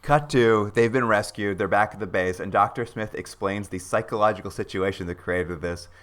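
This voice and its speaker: Male podcast co-host, low-ish bright voice, animated recap storyteller. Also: normal speed. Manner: animated storyteller, acts out characters' lines. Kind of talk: casual chat recapping a TV show.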